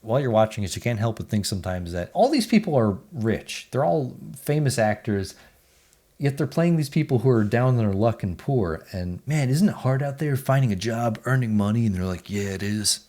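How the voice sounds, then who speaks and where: A man's voice: mid-range voice, animated, a little fast, mellow. A man, giving casual, blunt movie reviews in a chatty, offhand way. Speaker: movie reviewer, channel host.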